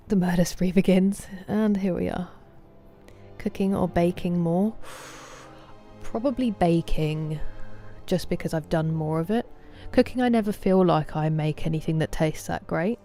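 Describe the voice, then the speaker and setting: A woman's voice: on the low side, moderate pace, dark tone, soft background music. A British woman streaming a game, chatting casually and greeting her viewers by name. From Britain. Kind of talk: casual chat with viewers while gaming.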